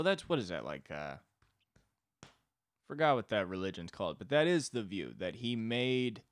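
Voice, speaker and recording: A man's voice: low voice, fairly bright tone, no echo, studio quality. A young man hosting a solo comedy podcast, talking in a crude, rambling, sweary way. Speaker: podcast host.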